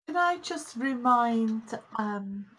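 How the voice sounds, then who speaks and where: A woman's voice: on the high side, expressive, slow pace, a bit bright. A woman playing a tabletop game, casual and a little unsure. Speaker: player.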